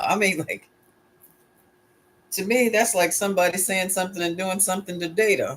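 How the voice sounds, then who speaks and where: A man's voice: high-pitched, very animated, normal speed, pauses often, a bit bright, slight background noise. A man giving a casual solo tarot reading, musing aloud and putting questions to his pendulum. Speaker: tarot reader.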